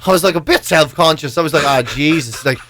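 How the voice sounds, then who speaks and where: A middle-aged Dublin man co-hosts a casual radio chat. His voice sits high and sounds bright and forceful. He rambles through stories, swears freely and slips into silly voices for the people he quotes. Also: quick pace, a little hiss or hum. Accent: Irish, Dublin. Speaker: radio show co-host.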